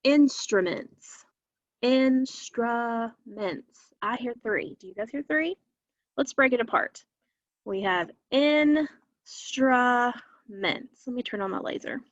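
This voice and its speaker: A woman's voice: fairly high pitch, expressive, no room sound. A woman teacher giving an online phonics lesson, patient and stretching out words for young learners. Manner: slow, patient, drawn-out words. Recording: dull, lo-fi and dry.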